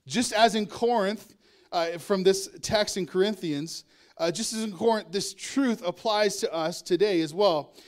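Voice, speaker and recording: A male pastor preaching a sermon in a conversational way, with asides and chuckles. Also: sits high.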